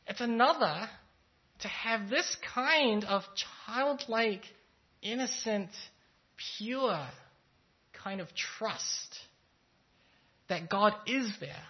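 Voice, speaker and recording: A pastor giving a conversational sermon, telling a story in a relaxed, thoughtful way with frequent fillers. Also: medium pitch, drawn-out words, pauses often. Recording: slightly dull, lo-fi sound.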